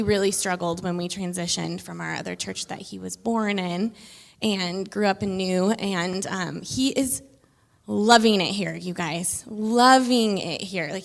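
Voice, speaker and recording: A chatty, expressive woman in her thirties shares stories as a children's pastor. Her voice has a gravelly, fry-laden edge. It rings out in a large church hall with a long reverb. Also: medium pitch. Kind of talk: casual stage conversation in church. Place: church sanctuary.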